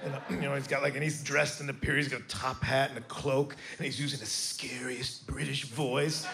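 A man's voice: medium pitch, flat delivery, fairly quick, gravelly, crowd noise. A man from the United States doing a stand-up set in a rambling, musing way with frequent hedges, on a live recording with audience noise. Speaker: stand-up comedian. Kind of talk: stand-up comedy.

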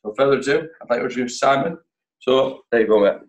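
A man's voice: mid-range voice, rapid-fire, rough recording. A man hosting a sales training session, chatty and direct, with a jokey motivational tone.

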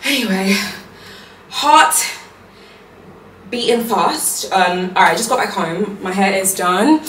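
A woman's voice: mid-range voice, takes it slowly. A young woman talking casually to her viewers in a chatty vlog. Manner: chatty and animated, talks to viewers. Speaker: vlogger. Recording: echoey room with noise.

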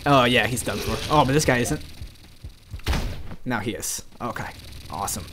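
A man giving chatty, excitable gameplay commentary, talking to his viewers. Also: medium pitch, moderate pace, long pauses, slight background noise. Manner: excitable, chatty, yelps and laughs at the game; talks directly to viewers. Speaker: let's play gamer.

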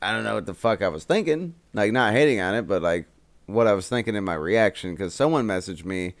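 Young guy on a podcast, deep-ish voice, dead dry mic, swears a lot telling stories. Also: brisk, no echo. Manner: animated storytelling, swears freely. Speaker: podcast co-host. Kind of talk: casual podcast chat.

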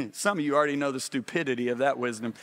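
A middle-aged man preaching a sermon, animated and often asking the congregation if they follow him. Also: medium pitch, fast, a little hiss or hum.

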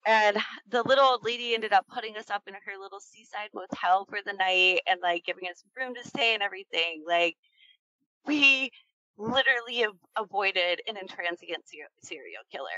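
A woman's voice: mid-range voice, normal speed, pushed and bright, no echo, muffled recording. A woman in her thirties telling a frightening true story in a casual, rambling way, full of fillers and swearing. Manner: tense, keyed-up retelling.

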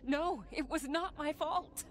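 A woman voicing an adult medium in a video game, murmuring her thoughts quietly, often close to a whisper. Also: high-pitched, a little slow, a little hiss or hum. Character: adult woman medium exploring a haunted house. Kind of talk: game character dialogue.

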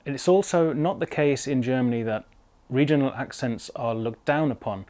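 British male teacher, casual explainer, measured and thoughtful with small restarts. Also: medium pitch, darkish tone. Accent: British English. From United Kingdom. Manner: thoughtful, with small restarts and careful pronunciation examples. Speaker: language teacher. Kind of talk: casual spoken lesson. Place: Germany.

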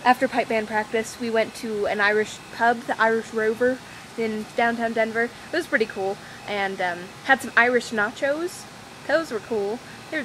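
A young woman rambles through a casual daily vlog while walking outdoors on a windy day. Her voice sits a little high, she jumps from topic to topic and teases herself, and faint outdoor noise runs underneath. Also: fairly bright tone, rough recording. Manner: rambling, scattered, self-deprecating. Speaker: vlogger. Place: outdoors on a windy, rainy walk. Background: wind and outdoor ambience.

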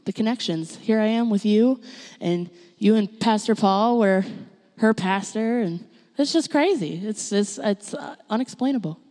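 A young woman giving a personal testimony in church, telling her story in an animated way and acting out what others said. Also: mid-range voice, unhurried. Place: church sanctuary. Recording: long reverb of a church hall.

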